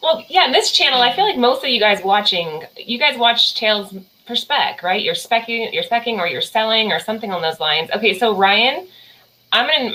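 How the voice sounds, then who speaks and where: A woman's voice: mid-range voice, sharp tone, low-quality recording. A woman hosting a casual podcast, chatty and playful. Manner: chatty, playful, slips into joke accents. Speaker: podcast host. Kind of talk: casual chat.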